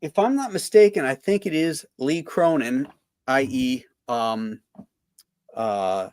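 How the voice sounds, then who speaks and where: Podcast host, mid-pitched man, halting delivery, dry sound. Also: lively intonation, darkish tone, clear, resonant tone, dry recording. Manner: rambling, halting with many fillers. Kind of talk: casual podcast chat.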